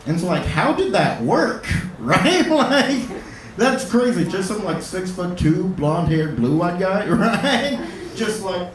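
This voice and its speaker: A man doing a stand-up comedy set on a club stage, talking in a halting way with lots of fillers and restarts. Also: high voice, very animated, slight background noise. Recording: roomy club, distant mic, loud audience.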